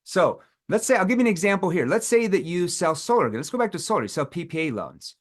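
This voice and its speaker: A man leading a live sales training seminar, animated and demonstrating questions in a challenging tone. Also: high-pitched, fast talker.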